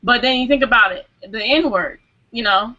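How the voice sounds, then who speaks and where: A woman's voice: a little high, normal speed. A woman speaking earnestly in a casual group discussion as a hangout guest, full of "you know"s and restarts. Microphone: video call microphone. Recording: dull lo-fi video call audio.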